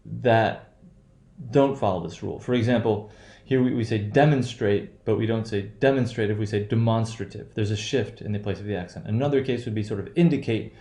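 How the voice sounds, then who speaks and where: A man teaching English pronunciation in a lecture. He explains patiently and repeats each word slowly to model the stress. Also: medium pitch, darkish tone, roomy sound. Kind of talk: classroom lecture.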